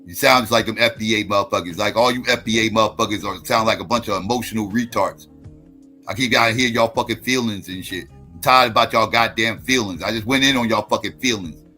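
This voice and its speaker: A man's voice: fairly low pitch, quick pace, pushed and bright, faint music behind. A man hosting a livestream, ranting in a combative, profane, repetitive way. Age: adult. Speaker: livestream host. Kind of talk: heated livestream rant.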